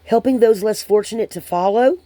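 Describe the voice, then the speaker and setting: A woman giving a channeled spiritual card reading to viewers, hesitant and rambling with many pauses and restarts. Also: mid-range voice, mellow, no echo.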